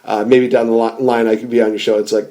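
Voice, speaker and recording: A man's voice: on the low side, level tone, fast, mellow. A man hosting a podcast, chatting casually, rambling and laughing often. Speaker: podcast host. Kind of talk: casual chat.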